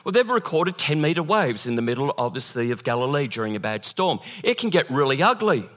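Animated middle-aged preacher. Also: male voice, medium pitch, fairly quick. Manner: animated, acts out quoted voices. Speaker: pastor. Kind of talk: storytelling sermon.

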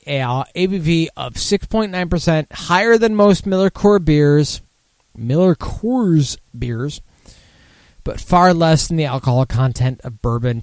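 A man's voice: on the high side, a little mellow, dry recording. A drunk man hosting a casual beer talk show, rambling, swearing and losing his thread. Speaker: podcast host.

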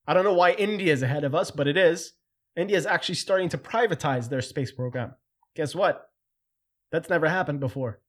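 A man hosting a casual solo commentary, animated and jokey, getting louder when he mimics other people. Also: a little high, brisk. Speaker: host.

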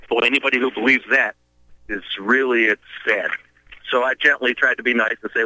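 Talk radio host, male, tense bright delivery, rallying listeners to act. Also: medium pitch, very animated, a little slow, pauses often, dry recording, low-quality recording. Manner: urgent, preachy activist rallying listeners. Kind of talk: casual call-in radio talk.

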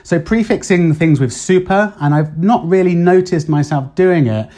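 Mellow-voiced man, chatty podcaster. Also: fairly high pitch, normal speed. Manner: chatty, thinks aloud with many ums and uhs. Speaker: podcast host. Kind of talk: casual solo podcast talk. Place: Spain.

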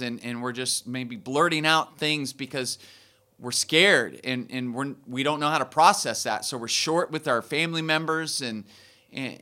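A man's voice: mid-range voice, pushed and bright. A man preaching a sermon to his church in a conversational way, often restarting phrases and building to emphatic peaks. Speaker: pastor.

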